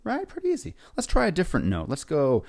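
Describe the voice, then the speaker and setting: Lively upbeat male music teacher. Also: a little high, fast, gravelly. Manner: upbeat, coaxing kids to repeat and sing along. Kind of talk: elementary music lesson. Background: faint guitar.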